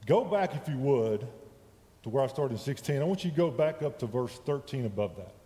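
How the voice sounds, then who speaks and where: A man's voice: medium pitch, animated, fairly quick, dark tone. Man preaching in an echoey church. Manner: conversational, checks in with listeners. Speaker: lay preacher. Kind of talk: sermon. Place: church sanctuary. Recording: echoey church hall with long reverb.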